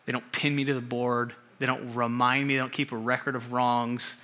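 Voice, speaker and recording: A man delivers a sermon to a congregation with a bright, forward tone at an ordinary pitch. He talks in a loose, conversational way and keeps putting rhetorical questions to his listeners. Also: flat delivery, normal speed. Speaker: pastor.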